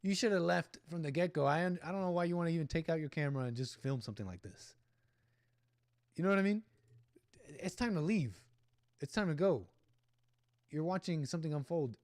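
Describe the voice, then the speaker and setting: A man's voice: a little high, animated, brisk, pauses often, darkish tone, no echo, clean studio sound. A man hosting a livestream, giving rambling, opinionated commentary on a video clip and talking back at the people in it. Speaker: livestream host.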